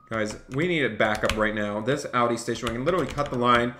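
Man, game streamer, upbeat, mock police commands, crisp bright tone, roomy echo, keyboard clicks. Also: medium pitch, a little fast, hardly any pauses, faint music behind. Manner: upbeat, thanks donors, barks mock police orders. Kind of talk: live game stream commentary with police role-play. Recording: echoey room, faint noise.

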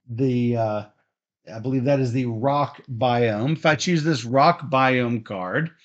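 A man explaining the rules of a board game step by step, in a methodical way with frequent ums and uhs. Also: a little high. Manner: steady, methodical, frequent fillers.

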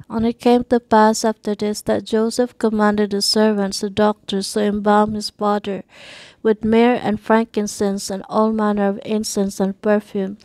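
A woman reading scripture aloud in a steady, measured way, with archaic wording. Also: medium pitch, no echo. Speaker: scripture reader.

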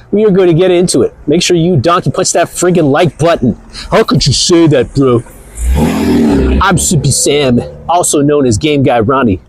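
Male stream host: provocative, rambling, lively delivery, dry close sound. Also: on the high side, slightly rough, dry recording, low-quality recording. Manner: provocative, rambling, crude jokes. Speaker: channel host. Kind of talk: live-stream commentary.

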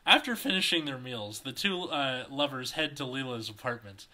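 A man reading a fan story aloud and riffing on it with wry, animated banter. His voice is very bright and cutting, pitched in the middle range for a man. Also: normal speed. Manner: animated, wry, laughs easily. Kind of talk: comedic podcast banter.

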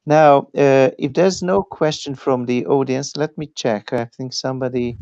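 A man moderating an online roundtable, measured and unhurried, with fillers. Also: medium pitch, fairly even intonation, darkish tone, no echo, lo-fi sound. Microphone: video call.

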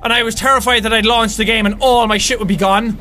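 A young Irish man in his twenties giving loud, excitable let's-play commentary, swearing often and yelling with excitement. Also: sits high, quick pace, faint music behind. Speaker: gaming YouTuber.

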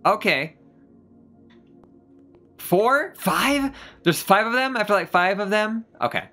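Hyped gamer yelling and gasping through a playthrough, bright voice jumping all over, bit of music under it. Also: mid-range voice, fairly quick. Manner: excitable, gasps and exclaims often; swears casually. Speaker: let's play gamer. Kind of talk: casual gameplay commentary.

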